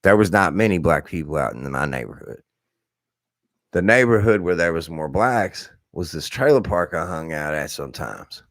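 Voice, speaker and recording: A man in his thirties, a bit hoarse, telling rambling stories on his live stream in a blunt, profane, animated way. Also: low voice, normal speed, no room sound, studio quality. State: slightly hoarse. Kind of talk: rambling casual storytelling.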